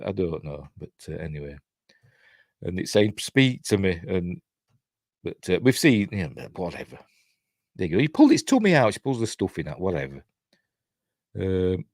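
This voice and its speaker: An older Yorkshireman who hosts his own channel gives a casual, rambling watch-along review, chuckling often. His voice is low and warm, recorded at studio quality with no room sound.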